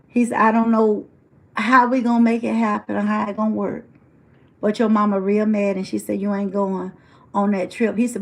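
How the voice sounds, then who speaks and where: A woman's voice: medium pitch, normal speed. A woman telling a personal story in a motivational talk, acting out her family's words and speaking to people in the audience. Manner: animated storyteller acting out family quotes, addresses audience members.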